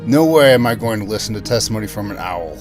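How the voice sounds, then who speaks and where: Guy doing a snooty prosecutor, scoffing and annoyed, pitch all over. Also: expressive, fast, over music, lightly acted. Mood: indignant. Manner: indignant, scoffing. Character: scornful male prosecutor.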